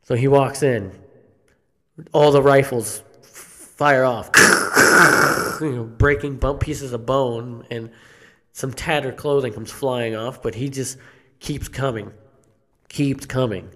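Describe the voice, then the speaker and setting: Man, mid-pitched, unhurried and halting; live horror storytelling to a theater crowd. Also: fairly even intonation, sharp tone, a little hiss or hum. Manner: slow, halting, with restarts and coughs. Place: theater stage before an audience.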